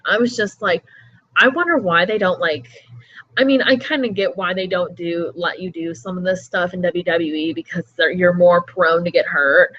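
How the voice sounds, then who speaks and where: A woman's voice: lowish voice, normal speed, no echo. A woman hosting a wrestling show, casually recapping an interview in a rambling way, full of fillers. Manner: rambling, with many fillers like "everything like that". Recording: slightly dull lo-fi audio.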